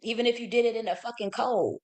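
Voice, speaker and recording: A woman's voice: a little high, steady tone, fast, a little mellow. A woman hosting a live stream, talking in a casual, profane and emphatic way and breaking off to read verses aloud. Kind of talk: casual livestream monologue. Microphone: streaming setup.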